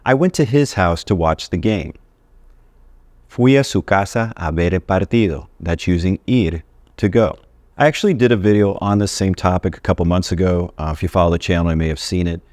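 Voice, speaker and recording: Low-voiced man teaching Spanish. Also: a little fast, darkish tone, no room sound. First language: English. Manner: friendly, talks straight to viewers. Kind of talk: casual video lesson.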